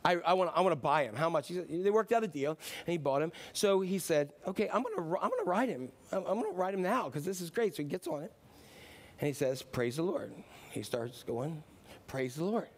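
A man preaching a sermon as pastor, telling a joke with lively character voices. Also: fairly high pitch, a little fast. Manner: animated storyteller, voices characters.

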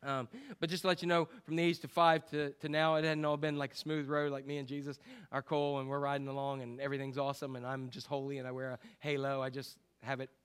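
A man preaching a conversational sermon, asking the congregation questions and now and then shouting out an imitation of street preachers. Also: medium pitch, flat delivery, fast talker, smooth. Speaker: pastor.

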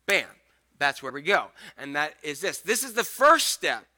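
A male pastor giving a conversational, animated sermon, acting out the scripture scenes as he goes. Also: a little high, normal speed.

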